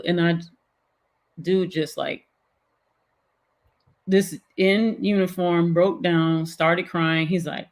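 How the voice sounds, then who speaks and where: A middle-aged woman with a low voice speaks slowly as a guest in casual conversation. She animatedly retells a personal story, packed with fillers.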